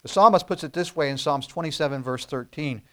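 Preaching man, slightly high voice. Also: sharp tone. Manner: rising to emphatic, slowed declarations on key phrases; rhetorical questions to the congregation. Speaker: pastor. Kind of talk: sermon.

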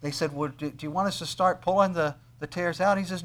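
A middle-aged man preaches a sermon with a voice that sits a little high. He swings from quiet, conversational explanation to loud, ringing emphasis as he reads scripture aloud. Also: steady tone, fast talker. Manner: builds to loud, soaring emphasis on scripture readings, then drops to quiet. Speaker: pastor.

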